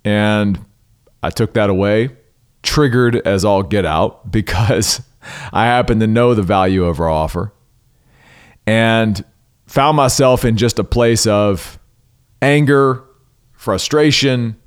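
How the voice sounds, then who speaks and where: A man with a somewhat low voice hosts his own podcast alone. He talks earnestly and with emphasis, circling back with restarts and little asides as he tells a story. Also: slow, pauses often, clear, resonant tone. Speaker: podcast host. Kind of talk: solo podcast monologue.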